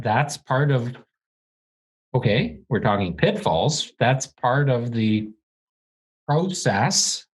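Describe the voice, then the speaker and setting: A man's voice: lowish voice, poor audio. A man co-hosting a real estate podcast, talking in a heated, blunt, ranting way with some swearing. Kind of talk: casual podcast chat. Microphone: studio podcast microphone.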